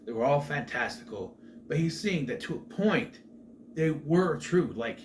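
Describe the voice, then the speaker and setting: A little slow and a little high, with lively intonation, a middle-aged man recaps a movie as a show host, wandering into chatty asides and restarting sentences. Faint background noise is present.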